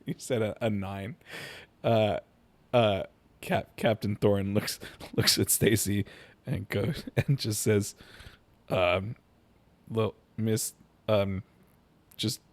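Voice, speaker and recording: A man's voice: fairly low pitch, fairly even intonation, slow pace, no room sound. A man running a tabletop game as game master, talking hesitantly with many fillers. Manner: hesitant, laughs often.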